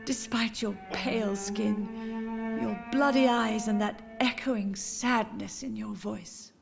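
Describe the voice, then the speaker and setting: A woman voicing a grieving elderly mother in a game, speaking softly and tenderly, with a gentle, sorrowful manner. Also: a little high, fairly even intonation, slow, vocal fry, muffled recording, loud music behind the voice. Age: older. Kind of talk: game voice acting.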